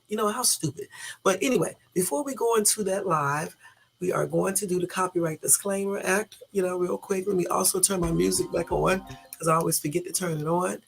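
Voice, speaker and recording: A woman's voice: lowish voice, vocal fry, husky. A woman with a Southern US accent hosting a casual early-morning live stream, chatty and loose, in a groggy morning voice. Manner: chatty, loose, talks to chat viewers. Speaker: YouTube live host.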